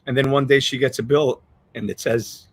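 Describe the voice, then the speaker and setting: An earnest male podcast host tells a story in a loose, rambling way, restarting his sentences often. He sounds choked up. His voice sits at an ordinary middle pitch. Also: fairly even intonation, normal speed, no room sound. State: choked up with emotion. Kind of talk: casual storytelling chat.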